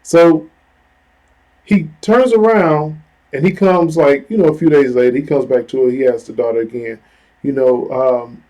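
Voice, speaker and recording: A man's voice: mid-range voice, normal speed, rough recording. A man vlogging, telling a personal story in an earnest, conversational way, full of "you know" and "like". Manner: conversational, heavy use of "you know" and "like" fillers; earnest, retelling a story with lively asides.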